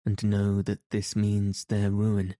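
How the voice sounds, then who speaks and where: Guy voicing an accusing betrayed wife, flat, dark and slow, dry sound. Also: on the low side, no echo. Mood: bitter. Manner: reproachful, cold and accusing. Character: bitter betrayed wife, grown woman. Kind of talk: audiobook reading.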